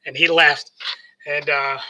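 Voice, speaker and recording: Male motivational speaker, New York accent, very bright high voice, rambling storyteller. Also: little pitch movement, takes it slowly, rough recording. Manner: rambling, repeats words and restarts often; acts out both sides of remembered conversations. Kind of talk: casual storytelling monologue.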